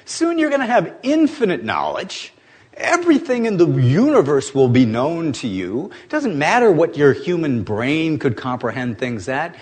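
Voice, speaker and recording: A man doing an eager old scientist in heaven, his voice pushed up high and bouncing around as he coaxes and chats. The figure is friendly, pushy and quick to get excited. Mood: coaxing. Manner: chatty, coaxing, enthusiastic. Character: famous old male scientist welcoming newcomers to heaven, eager.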